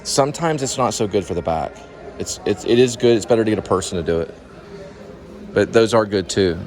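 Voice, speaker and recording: A man's voice: on the low side, brisk, darkish tone, soft background music. A man vlogging casually as he walks through a shopping mall, rambling and thinking aloud. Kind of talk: casual walking vlog.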